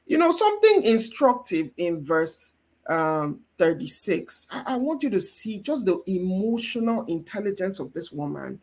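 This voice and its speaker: A woman's voice: medium pitch, big pitch swings, moderate pace, darkish tone. A woman with a Nigerian accent giving a faith-based marriage teaching as guest mentor, with an emphatic, preacher-like delivery.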